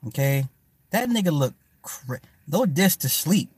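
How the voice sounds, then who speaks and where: A livestream host chats casually, tossing out profane jokes and replying to viewers by name. His slightly high voice is sing-song and a bit rough, moving at a moderate pace with no echo.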